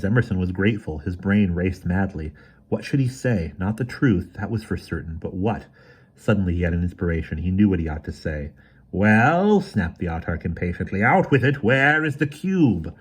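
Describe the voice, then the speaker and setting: A man reading a children's mystery novel aloud in steady, measured narration. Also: low voice, breathy edge. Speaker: audiobook reader. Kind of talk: storybook narration.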